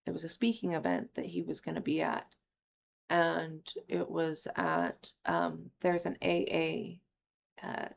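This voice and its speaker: A young woman candidly telling a personal recovery story, emotional and quick to swear. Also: deep voice, animated, creaky, a little hiss or hum. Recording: slightly dull lo-fi audio.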